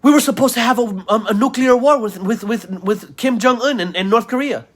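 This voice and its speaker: A man's voice: extremely high pitch, fairly quick, fairly bright tone. A man ranting in a video commentary, insulting his listeners, repeating himself and stammering through restarts. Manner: insulting, repetitive, heated rant. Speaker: vlogger.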